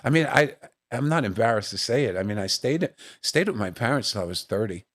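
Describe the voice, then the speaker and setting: A middle-aged man spinning funny family anecdotes in a casual interview. His mid-pitched voice swings up and down a lot as he tells the stories, with frequent fillers and a loose, easygoing rhythm. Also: brisk. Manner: animated storyteller who acts out family voices. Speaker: guest comedian.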